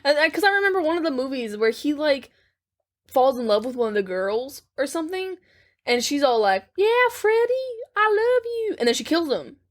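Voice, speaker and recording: A woman's voice: sits high, lively intonation, fairly quick. A woman co-hosting a podcast in casual chat, chatty and giggly, often acting out lines in silly voices. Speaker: podcast co-host.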